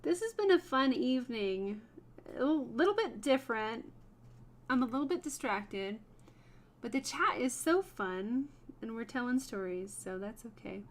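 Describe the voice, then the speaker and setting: A woman's voice: on the high side, lively intonation, measured pace. A woman hosting a wood burning livestream, chatting casually with viewers by name and laughing often while she works.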